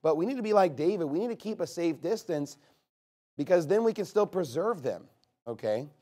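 A man preaching from the pulpit with a high, animated voice that swoops up and down. He is emphatic, pressing his points and rising to loud, forceful passages. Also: fairly quick. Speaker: pastor. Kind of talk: sermon.

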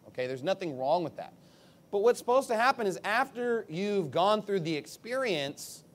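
A man preaching a sermon in an emphatic, conversational way, acting out quick asides. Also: high-pitched. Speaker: pastor.

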